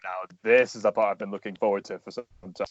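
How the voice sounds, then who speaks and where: A man's voice: fairly low pitch, fairly even intonation, fast, highs cut off. A man, a voice actor and animator, talking as a guest in a casual interview, explaining earnestly at length with plenty of fillers.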